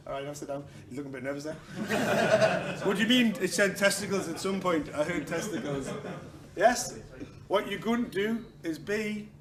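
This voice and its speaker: Joking man teaching a class. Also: sits high. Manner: joking, swears, acts out quotes. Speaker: martial arts instructor. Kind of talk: class instruction with humor. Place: training hall. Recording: echoey hall with noise.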